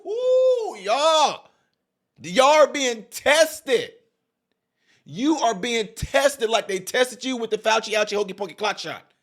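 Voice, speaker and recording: A man with a fairly high voice delivers fired-up political reaction commentary. He talks straight to his audience, piling on rhetorical questions and repeating himself for emphasis. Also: a bit bright. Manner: addresses viewers directly as y'all.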